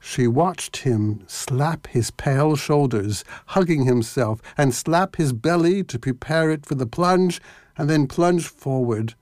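Slow, deliberate male storyteller. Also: fairly high pitch, darkish tone, dry recording, clean studio sound. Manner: slow, deliberate, lingering on words. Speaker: narrator. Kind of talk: storytelling reading of a myth.

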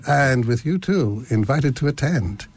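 A man's voice: medium pitch, animated, unhurried, slightly rough, no room sound. Chatty man hosting community radio. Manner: chatty and rambling, laughs at himself, repeats words. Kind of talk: casual radio chat. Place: small radio studio.

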